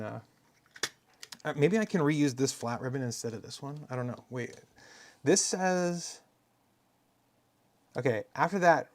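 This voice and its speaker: Guy with a gravelly voice rambling on a live stream, mutters to himself while fixing hardware. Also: medium pitch, a little mellow. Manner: rambling, cheerful and self-mocking; murmurs to himself while working.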